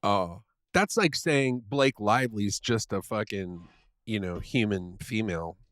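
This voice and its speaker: A man's voice: on the low side, measured pace, fairly bright tone, no echo, studio quality. A man co-hosting a podcast, chatting casually with crude, teasing jokes. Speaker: podcast co-host.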